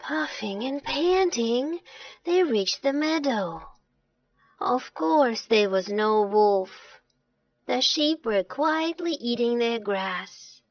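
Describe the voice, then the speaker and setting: Woman, storybook narration, slow, expressive, dull lo-fi recording, dry. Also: fairly high pitch.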